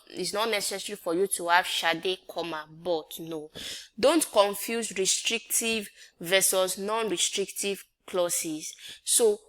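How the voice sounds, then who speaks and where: A woman's voice: fairly low pitch, fairly bright tone. A woman teaching an English grammar lesson, repeating each point and quizzing her listeners with rhetorical questions. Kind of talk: classroom-style grammar lesson.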